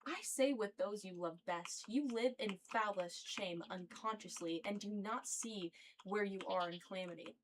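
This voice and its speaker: A woman's voice: mid-range voice, moderate pace, slight background noise, close to an everyday voice. A woman reading aloud the lines of a stern, unyielding blind old male prophet in a casual read-through of a play. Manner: reads plainly in her own voice.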